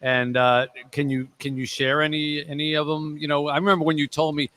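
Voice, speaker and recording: A man's voice: a little high, flat delivery, brisk, a bit bright. A man hosting a radio show, asking rambling, friendly questions with plenty of fillers. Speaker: radio host. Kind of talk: radio interview. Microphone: studio mic.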